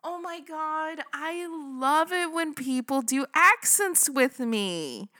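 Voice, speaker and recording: A woman's voice: high-pitched, animated, slow pace, pushed and bright, pitched above the performer's own voice, heavily acted. Woman doing a sugary, bubbly young waitress. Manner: sugary and cheerful.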